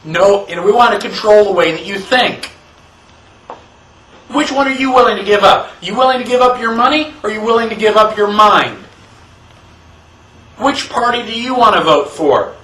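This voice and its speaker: A high-voiced man delivers an emphatic classroom lecture, repeatedly posing rhetorical questions to his audience with lively intonation and a sharp tone. He speaks at a moderate pace with frequent pauses. The microphone is far from him, and the room echoes.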